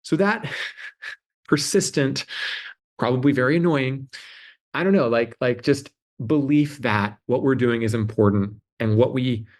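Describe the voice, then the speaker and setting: A man talking in a relaxed interview, animated and chatty, often leaning on "like" and restarting his sentences. His voice sits at an everyday pitch for a man, and he slips into lively impressions of other people as he tells his stories. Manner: animated storytelling, acting out quoted voices; fillers like "like" and restarts. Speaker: interview guest, adtech CEO. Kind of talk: casual interview talk.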